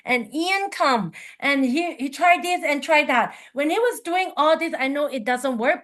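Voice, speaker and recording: A woman who teaches qigong, telling a personal story in an animated way and sinking into a soft, calm tone when describing calming down. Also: sits high, a little slow, hardly any pauses.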